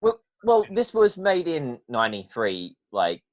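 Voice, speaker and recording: A man's voice: on the high side, wildly swooping pitch, unhurried, no room sound. A laid-back male podcast co-host, agreeable and rambling, with plenty of "like". The mic sounds a little muffled and lo-fi. It is dry, with no room sound. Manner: easygoing, agreeable, lots of "like". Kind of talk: casual chat reviewing a cartoon.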